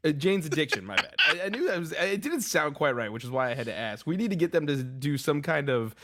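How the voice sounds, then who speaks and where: A man's voice: on the high side, very animated, fairly quick, heavy background noise. A man co-hosting a talk radio show, chatting casually and poking fun at himself. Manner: conversational, self-deprecating. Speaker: radio co-host.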